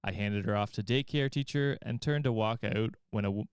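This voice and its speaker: A man's voice: on the low side, fairly quick, clean tone, no room sound, clean studio sound. A man hosting a podcast, reading a story aloud and chatting, often breaking into laughter. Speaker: podcast host reading stories. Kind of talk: reading aloud and casual chat.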